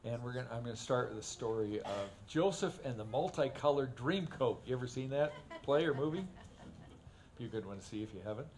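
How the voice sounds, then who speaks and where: A man preaching from the pulpit in a relaxed, folksy way, his voice sitting at an ordinary middle pitch. He breaks into funny stories and acts out the people in them with growing energy. A faint hum of the church is audible behind him. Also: brisk. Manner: folksy, animated when acting out stories. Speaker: pastor. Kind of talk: sermon with humorous storytelling. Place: church sanctuary.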